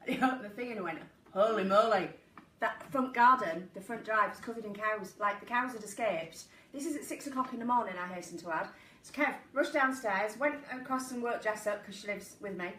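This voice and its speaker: A woman's voice: mid-range voice, a little fast, sharp tone. A woman hosting a casual live stream from her living room, chatty and giggly as she tells stories. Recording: echoey room, mic at a distance, faint noise.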